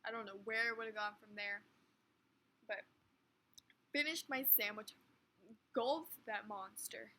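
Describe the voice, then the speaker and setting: A young woman in her late teens telling a story in a rambling, animated way, full of filler words. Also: a little high, measured pace, pauses often, low-quality recording. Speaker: vlogger. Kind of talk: casual storytime chat. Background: faint fan hum.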